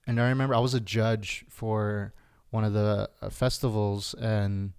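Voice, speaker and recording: Smooth-voiced man hosting a podcast. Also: on the low side, flat delivery, a little slow, darkish tone. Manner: laid-back, uses "like" and "dude" often. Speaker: podcast host. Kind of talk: casual chat.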